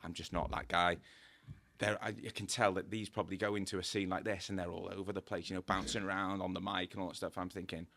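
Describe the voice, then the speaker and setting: A man's voice: low-pitched, fast, dry recording. A middle-aged man, a podcast guest telling casual anecdotes, acting out the dialogue and laughing often. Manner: lively storyteller, acts out dialogue, laughs often. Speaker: guest, tattoo artist.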